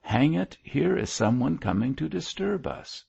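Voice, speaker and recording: A man voicing a lively, teasing young army captain in an audiobook, talking in a playful bantering way. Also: medium pitch, unhurried, creaky, husky, dull audio, pitched above the performer's own voice, heavily acted.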